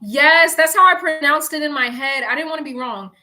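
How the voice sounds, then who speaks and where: Her voice is high, sharp and brisk as the young tarot reader runs through a laid-back reading. She curses freely, laughs a lot and addresses the audience like close friends.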